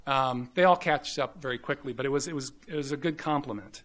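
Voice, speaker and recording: A man in his fifties from the American South gives a grand rounds medical lecture in a lecture hall, told through personal anecdotes packed with ums and you-knows. His mid-range voice is a bit bright and a little fast.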